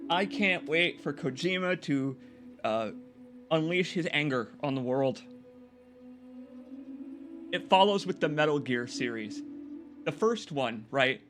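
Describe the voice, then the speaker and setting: Bright-voiced excitable male streamer. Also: slow pace, pauses often, soft background music. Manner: excitable, swears freely, laughs loudly, jumps to high yelps. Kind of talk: casual game stream chat.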